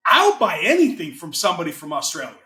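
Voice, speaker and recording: A man's voice: on the high side, wildly swooping pitch, quick pace, pushed and bright. Enthusiastic American man, roomy sound. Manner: enthusiastic, chatty, salesy. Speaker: guest, financing consultant. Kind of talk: casual interview chat.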